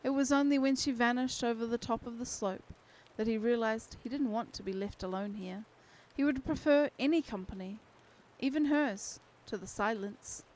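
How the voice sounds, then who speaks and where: A woman streamer reading a novel aloud to her community with steady, expressive narration. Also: on the high side, moderate pace, few pauses, low-quality recording. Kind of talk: unhurried storybook reading.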